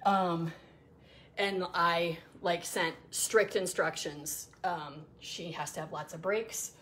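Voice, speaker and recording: A middle-aged woman chatting casually while grooming her dog, rambling with many ums and restarts and cooing soft asides to the dog. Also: on the low side, fairly even intonation, slow, a little hiss or hum.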